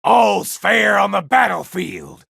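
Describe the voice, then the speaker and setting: An actor playing a brutal, bloodthirsty male villain boss, shouting gleeful battle taunts for a video game. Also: high-pitched, slow, gravelly, husky, no echo, studio quality, full character voice. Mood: gloating. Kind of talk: video game combat barks.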